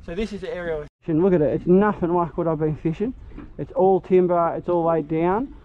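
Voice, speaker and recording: A man talks casually to camera while fishing from a boat on a river, chatty and earnest, sometimes cheering loudly. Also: a little high, a little fast, narrow, tinny audio. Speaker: fishing vlogger. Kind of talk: casual outdoor vlog narration. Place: on a small boat on a tidal river outdoors. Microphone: head-mounted camera. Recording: noisy outdoor boat recording.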